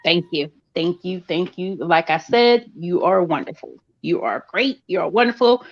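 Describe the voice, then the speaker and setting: A woman's voice: on the low side, animated, moderate pace, dry recording. Effusive woman on dull, dry call audio. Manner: effusive and encouraging, repeats praise. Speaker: viewer calling in to a live stream. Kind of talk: casual live-stream call-in.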